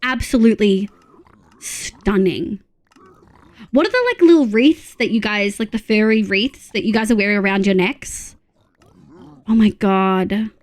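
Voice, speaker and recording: A woman's voice: mid-range voice, normal speed. A young Australian woman streaming live, chatting casually with her viewers, reading their messages aloud and gushing over their photos. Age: young adult. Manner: chatty, reads chat aloud, gushing exclamations and muttered asides.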